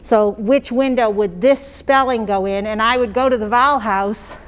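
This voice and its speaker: A woman's voice: on the high side, moderate pace, clean tone. A woman explaining to teachers how she would mark phonics skills in a lesson, in a conversational way that checks in with the listeners. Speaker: teacher trainer. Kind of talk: explaining classroom phonics practice.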